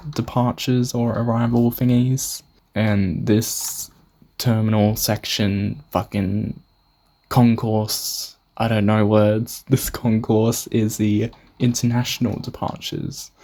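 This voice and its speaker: A young Australian man giving a loose, rambling tour of his game creation, cursing freely and poking fun at himself. His voice is dark and mellow, with a gravelly, husky edge. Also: lowish voice. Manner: rambling, swears often, self-mocking. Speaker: gamer showing a build. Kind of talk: casual gameplay narration.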